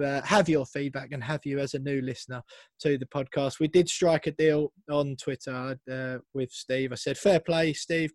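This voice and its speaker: A man's voice: mid-range voice, darkish tone, no room sound. A man hosting a football fan podcast, chatty and playful, reading listener messages aloud. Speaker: podcast host. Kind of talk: casual podcast chat.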